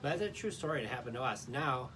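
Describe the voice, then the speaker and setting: A man's voice: medium pitch, animated, fast, sharp tone. Chatty man telling stories live. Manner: storytelling, chatty and earnest. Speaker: co-host. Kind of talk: casual live Q&A chat. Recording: faint background noise.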